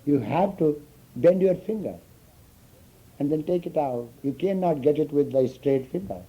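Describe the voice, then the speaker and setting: A man's voice: fairly high pitch, animated, normal speed, breathy edge. A man giving an informal spiritual talk to students, telling stories and often asking if they understand. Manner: storytelling, chuckling, asks listeners "you understand?". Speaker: spiritual teacher. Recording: dull lo-fi recording.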